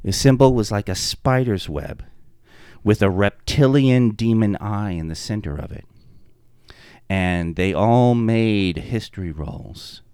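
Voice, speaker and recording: A man's voice: on the low side, takes it slowly, clear, resonant tone, no echo, clean studio sound. A man co-hosting a podcast, animatedly recounting a tabletop game session he ran as game master. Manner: animated storyteller.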